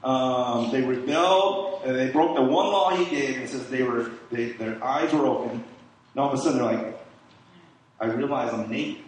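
A man's voice: medium pitch, moderate pace. A middle-aged man giving an informal sermon in a conversational way, with many fillers and rhetorical questions. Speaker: preacher. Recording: echoey room, distant mic, faint hiss.

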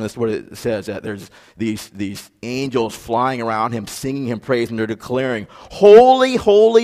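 Conversational male preacher in a reverberant hall. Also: fairly low pitch. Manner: conversational preaching with frequent fillers, emphatic repetition. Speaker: pastor. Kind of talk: sermon.

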